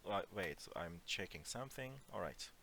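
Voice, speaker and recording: A man teaching an online Turkish lesson in English, explaining phrases slowly and giving spoken examples. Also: low voice, animated, gravelly, bright, forceful tone, a little hiss or hum. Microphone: computer mic on a voice call.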